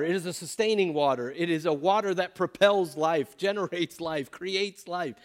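A man's voice: sits high, moderate pace, few pauses. A man teaching scripture to a group, emphatic, often asking them questions. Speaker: pastor or Bible teacher. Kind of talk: interactive Bible teaching.

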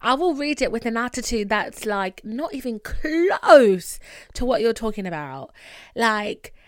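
Young female podcast host, theatrical storyteller with a lively, swinging voice and frequent laughs. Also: fairly high pitch, a little slow, no room sound, clean studio sound. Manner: dramatic, gossipy, laughs often. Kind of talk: casual storytelling chat.

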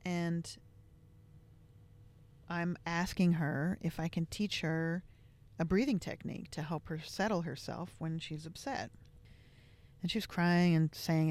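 A woman's voice: lowish voice, steady tone, a little slow, long pauses, a little mellow, no room sound. A woman hosting a podcast, telling a personal family story in a candid, reflective way with many casual fillers. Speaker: podcast host.

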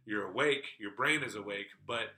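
A man's voice: lowish voice, normal speed, pushed and bright, rough recording. A man hosting a podcast, telling a story in casual chat, rambling and swearing freely. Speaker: podcast host.

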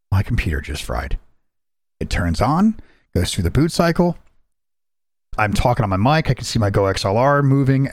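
Animated storytelling man, dry sound. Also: medium pitch, no room sound. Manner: animated storyteller, acts out quotes, swears freely. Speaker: podcast host. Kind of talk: casual chat.

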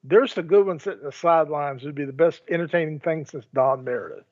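Opinionated man, slightly high voice. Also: animated, quick pace. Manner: storytelling, opinionated. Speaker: podcast co-host. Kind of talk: casual sports chat. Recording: dull lo-fi audio.

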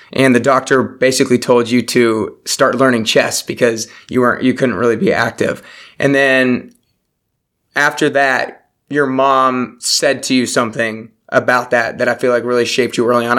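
A young adult man hosting a casual interview podcast, his voice mid-pitched. He sounds upbeat and enthusiastic as he introduces his guest and asks questions. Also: a bit bright. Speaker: podcast host.

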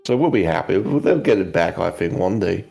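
A man's voice: low voice, animated, normal speed, vocal fry, darkish tone, soft background music, full character voice. A man voicing Great Mama, a folksy, pious older swamp woman with a drawling, homespun manner.

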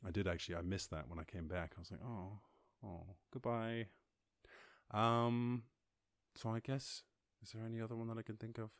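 A man from Ireland hosting a casual livestream chat, rambling, animated and laughing often as he talks. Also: fairly low pitch, fast talker, no room sound, studio quality. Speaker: host.

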